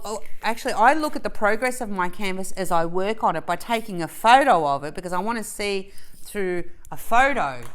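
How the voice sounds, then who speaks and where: A woman talking casually to her viewers while she finishes a craft project, effusive and chatty, with sudden excited squeals. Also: mid-range voice. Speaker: diamond painting vlogger.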